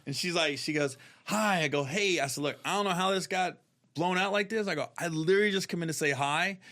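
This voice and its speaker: A man's voice: a little high, fairly quick, bright, forceful tone. A man, a comedian, telling a story in a casual chat and acting out the voices of the people in it.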